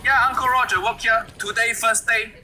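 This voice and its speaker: A man's voice: extremely high pitch, fairly even intonation, moderate pace, crowd noise. A man doing a mocking chef. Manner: blunt, mocking, broken-English scolding. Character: brash middle-aged male comedic chef persona. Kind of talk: stand-up comedy bit. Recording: noisy clip played from far off.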